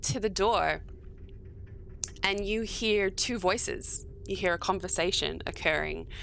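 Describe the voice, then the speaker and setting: A woman running a tabletop game as game master, narrating scenes in an unhurried, descriptive way with filler pauses. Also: medium pitch, gravelly, fairly bright tone, slight background noise.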